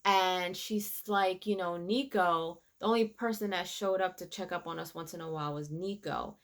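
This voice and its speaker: A woman giving a casual, animated recap of a TV episode, quoting the characters as she retells it. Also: fairly low pitch, moderate pace. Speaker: reviewer.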